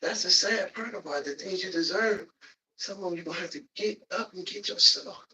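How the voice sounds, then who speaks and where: Out of breath from exercising, a male livestreamer leads a workout, huffing and puffing as he delivers motivational encouragement and lets out loud whoops between lines. His bright voice is pitched a bit higher than typical for a man, and he talks fairly quickly from a distance from the mic.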